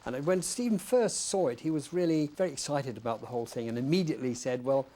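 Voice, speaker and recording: A male film crew member giving a measured, technical explanation in an interview. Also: medium pitch, animated, warm tone.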